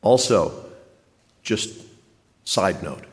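A man's voice: deep voice, lively intonation, extremely slow. A man preaching a sermon with dry humor, asking questions and answering them himself. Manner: wry, asks and answers his own questions. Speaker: pastor. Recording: long reverb of a large hall.

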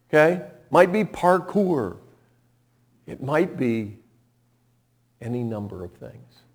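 A man preaching a sermon, telling stories and swinging between hushed, low passages and loud, emphatic ones.

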